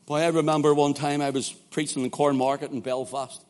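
A man with a Northern Irish accent preaching a sermon, dropping from hushed storytelling to loud, fervent shouting. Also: a little high, flat delivery, a little fast, few pauses.

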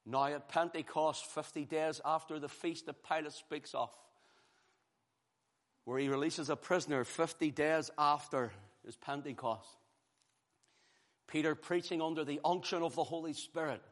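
A man's voice: a little high, steady tone, normal speed. A man preaching a sermon, emphatic, repeating phrases and building force. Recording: long hall reverb.

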